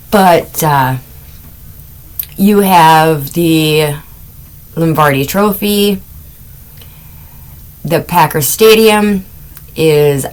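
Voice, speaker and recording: Casting note: middle-aged woman, podcast host, unhurried chatty storytelling, lower voice. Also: low-quality recording. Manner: chatty, wandering asides, amused laughs. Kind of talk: casual true-crime podcast storytelling.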